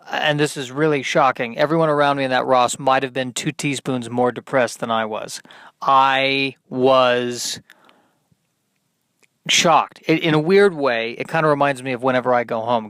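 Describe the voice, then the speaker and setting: A man hosting a solo podcast, rambling through deadpan, self-deprecating asides. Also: medium pitch, clear, resonant tone, dry recording. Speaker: podcast host. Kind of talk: solo comedic monologue.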